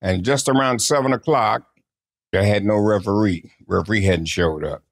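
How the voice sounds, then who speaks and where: An older man sits for an interview and spins his stories in a low voice. He talks in a casual, lively way and acts out what others said to him. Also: normal speed. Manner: lively anecdotal storyteller who acts out quotes. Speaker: interview guest.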